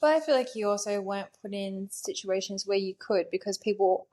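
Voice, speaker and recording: A woman hosting a podcast, answering her guest with warm, affirming remarks. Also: medium pitch, expressive, brisk. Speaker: podcast host. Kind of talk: casual chat.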